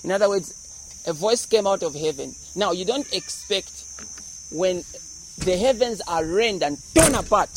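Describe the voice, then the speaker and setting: High-voiced preacher. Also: male voice, a little slow, slight background noise, rough recording. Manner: animated, explains verses with humor and acted-out voices. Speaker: pastor. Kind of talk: sermon.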